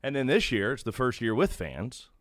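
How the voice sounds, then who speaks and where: A man's voice: mid-range voice, sing-song, normal speed, dry recording, studio quality. A young man, a baseball broadcaster, telling stories in an earnest, self-deprecating way as a guest. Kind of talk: conversational storytelling.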